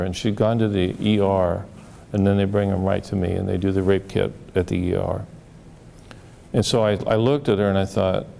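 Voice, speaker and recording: A man telling stories from his therapy cases, halting and repeating words as he acts out quoted dialogue. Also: fairly low pitch, creaky, darkish tone, a little hiss or hum. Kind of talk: storytelling talk.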